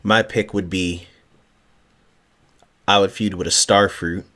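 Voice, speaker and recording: A man's voice: low-pitched, steady tone, slow, sharp tone. A man hosting a casual podcast chat, reading out questions and making brief remarks. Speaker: podcast host.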